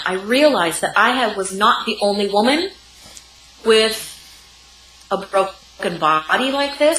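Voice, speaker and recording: Woman, expressive storyteller, bright clear tone, echoey room, faint background noise. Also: mid-range voice. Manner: expressive storyteller, piles up vivid phrases. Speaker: guest, sex and intimacy coach. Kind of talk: personal story in a podcast interview.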